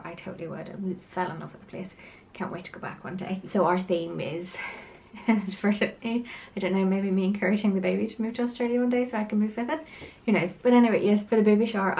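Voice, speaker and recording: A woman talks in a relaxed, chatty vlog at a mid pitch. She sounds short of breath and keeps apologizing, with sighs and small laughs between her words. The recording is a little dull and lo-fi. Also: gravelly, slight background noise. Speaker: vlogger.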